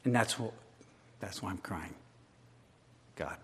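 A male preacher delivering a sermon, moving from hushed storytelling to loud, impassioned crescendos. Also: low voice, takes it slowly. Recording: long hall reverb.

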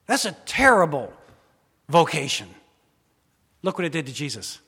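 A man preaching in a large hall, his slightly high voice ringing out with a long reverb tail. He preaches with drama, rising to loud emphasis and then dropping to hushed, intimate asides. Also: big pitch swings, moderate pace, slightly rough. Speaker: pastor. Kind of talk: sermon.

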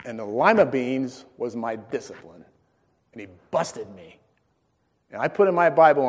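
A man's voice: mid-range voice, normal speed. Folksy male preacher in a reverberant hall. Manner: folksy, animated, acts out dialogue. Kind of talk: storytelling sermon. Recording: long reverb in a large hall.

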